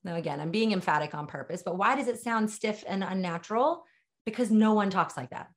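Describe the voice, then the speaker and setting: A middle-aged woman runs a webinar on writing sales messages. She talks directly and with emphasis, in a plain conversational way, and her voice sits at an ordinary middle pitch for a woman. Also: a little fast. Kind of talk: webinar training talk.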